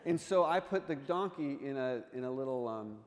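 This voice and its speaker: A man's voice: medium pitch, animated, moderate pace. A man giving a playful, joking art talk to a congregation, often quizzing his listeners. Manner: playful, jokey, quizzes the audience. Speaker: artist in residence giving a presentation. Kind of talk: humorous illustrated talk to a congregation. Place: church sanctuary. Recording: long reverb of a church sanctuary.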